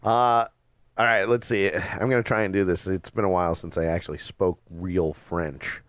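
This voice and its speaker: A man in casual podcast chat, agreeable and quick to laugh. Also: low voice, steady tone, fairly bright tone, no echo.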